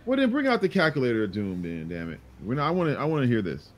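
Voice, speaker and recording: A man's voice: mid-range voice, quick pace. A man co-hosting a casual movie podcast who exclaims and swears as he reacts. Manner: animated, profane, exclaiming. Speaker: podcast co-host.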